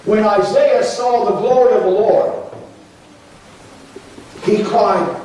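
Slow and given to long pauses, a man with a high, slightly mellow voice preaches earnestly in church, repeating himself and climbing into pleading prayers. The sound is distant and echoey, carrying faint ambience and slight background noise.

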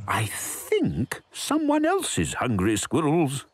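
A woman narrating a children's cartoon in a gentle, encouraging, storyteller manner. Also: sits low, wildly swooping pitch, takes it slowly, few pauses, slight background noise.

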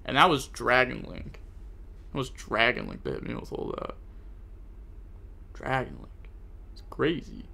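Young male card-game streamer, raspy edge, bright tone, self-critical chat with viewers. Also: mid-range voice, huge pitch swings, a little slow, long pauses. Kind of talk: live card game commentary.

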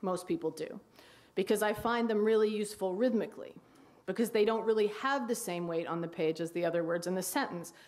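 A woman teacher giving a wry talk on writing dialogue, reading passages aloud. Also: brisk. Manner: wry, reads quoted dialogue in a hushed low voice. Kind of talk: lecture with read-aloud excerpts. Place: lecture hall.

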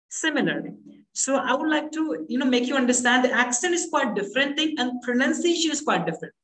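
A man's voice: very high-pitched, lively intonation, a little fast, a bit bright, reverberant, rough recording. A man with an Indian English accent, an English trainer explaining points patiently with examples in a live online session. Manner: teacherly, explains with examples, tags "okay?".

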